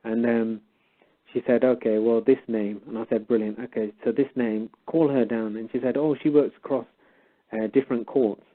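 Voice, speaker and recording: A man's voice: medium pitch, steady tone, normal speed. A man casually retelling a story, animatedly acting out both sides of a conversation. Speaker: guest storyteller. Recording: tinny phone-like line.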